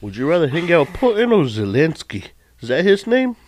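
A man's voice: on the high side, big pitch swings, a little fast, a little mellow. A man joking crudely in casual chat among friends.

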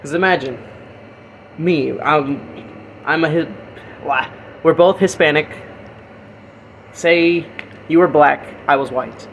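A man's voice: on the high side, slow, gravelly, long pauses, a little hiss or hum, low-quality recording. Eager young man chatting on a podcast. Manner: excitable, trailing off, eating while talking. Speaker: podcast co-host. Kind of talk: casual podcast chat.

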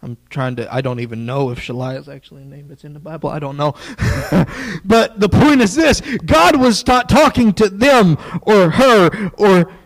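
A man preaching a sermon in a folksy, joking way, dropping into quiet asides. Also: sits high, animated, moderate pace, low-quality recording.

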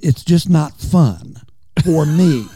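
An older man co-hosting a podcast, a former sports reporter, talking in a reflective, drawn-out way. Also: on the high side, lively intonation, dark tone, slightly rough, no room sound. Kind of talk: casual interview.

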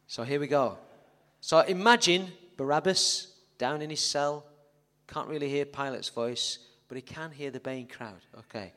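A man's voice: a little high, unhurried, a bit bright. A man preaching a sermon as pastor, telling the story dramatically and joking with the congregation. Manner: dramatic storytelling, jokey asides to the audience. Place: church hall. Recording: echoey church hall reverb.

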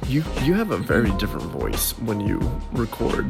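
A man's voice: fairly low pitch, huge pitch swings, moderate pace, vocal fry, over music. A young man co-hosting a podcast from a studio apartment, chatting casually and teasing his co-host. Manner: joking, teasing. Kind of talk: casual chat.

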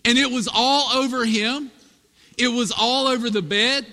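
A bright, high-voiced man in his thirties preaching to a congregation. He tells stories with lively swings and builds to emphatic peaks. His voice rings out in a long hall reverb. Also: a little slow. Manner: storytelling, animated, rising to emphatic peaks. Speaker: pastor. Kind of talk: sermon.

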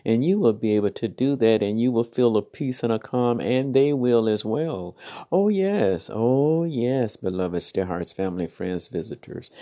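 A woman's voice: very deep voice, dark tone. A woman hosting a late-night devotional podcast, half sleepy, speaking tenderly and affectionately in a rambling way, often repeating "oh, yes". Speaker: podcast host and spiritual encourager.

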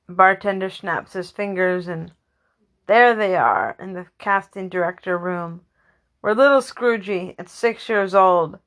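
A woman's voice: medium pitch, measured pace. A woman improvising a comic story loosely, correcting herself as she goes. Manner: loose, with restarts and self-corrections.

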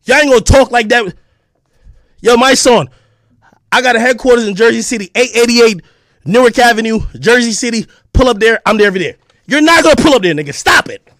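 A man with a podcast delivering an aggressive, profane callout, taunting and often shouting. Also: extremely high pitch, expressive, a little fast, dry recording, studio quality. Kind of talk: heated callout rant to camera.

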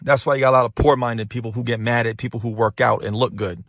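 A man's voice: medium pitch, steady tone, fast talker, fairly bright tone. A man hosting a motivational podcast, talking emphatically and profanely into his phone and hammering points home by repeating phrases. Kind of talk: casual motivational monologue. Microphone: phone held while talking.

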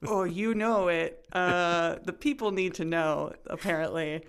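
A woman's voice: lowish voice, measured pace, clean tone. A woman co-hosting a podcast, speaking in a wry, self-deprecating way. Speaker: podcast co-host. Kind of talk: podcast chat.

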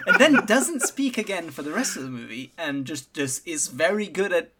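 A man in a casual film discussion, animated and laughing as he talks. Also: on the high side, moderate pace, very noisy. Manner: animated, laughs while talking.

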